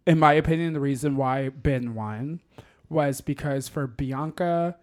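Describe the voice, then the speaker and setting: Woman cohost, real low voice, opinionated and chatty. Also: unhurried. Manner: animated, opinionated. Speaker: podcast co-host. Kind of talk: casual chat.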